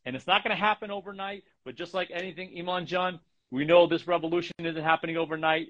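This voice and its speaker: A man's voice: fairly high pitch, fairly bright tone. A man presenting a health segment on a livestream show, explaining stretches step by step and demonstrating the moves on a video call. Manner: explains step by step, then emotional and halting. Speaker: chiropractor giving a health segment. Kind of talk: instructional talk on a livestream show.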